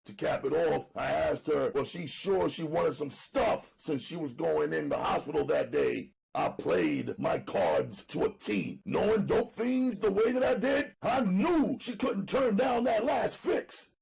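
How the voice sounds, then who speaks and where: A man narrating an audiobook dramatically, loud and emphatic, often near shouting. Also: fairly high pitch, animated, measured pace, gravelly, hardly any pauses, husky.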